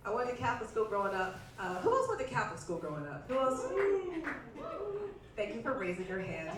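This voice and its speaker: A woman works a club crowd with a stand-up set, her voice high and bright. She plays with the room and slips into exaggerated voices for the people she quotes. The mic sits some way off, and the club room rings with strong echo. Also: big pitch swings, fairly quick, distant mic. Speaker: stand-up comedian. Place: comedy club stage. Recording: echoey club room miked from afar. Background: audience laughter.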